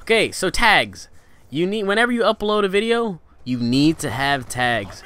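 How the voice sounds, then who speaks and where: A man's voice: sing-song, moderate pace, a bit bright, clear, resonant tone. Rambling young man giving channel tips. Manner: rambling, with many fillers and restarts; pitch rising and falling for emphasis. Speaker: gaming channel host. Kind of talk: casual instructional vlog talk.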